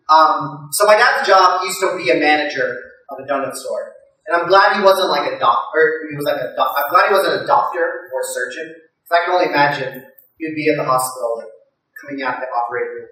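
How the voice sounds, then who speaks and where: Chatty comedian in a booming room. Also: male voice, fast. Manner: chatty, with many fillers and loud mimicking voices. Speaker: stand-up comedian. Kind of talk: stand-up comedy set. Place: live comedy venue. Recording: very echoey room, from far off.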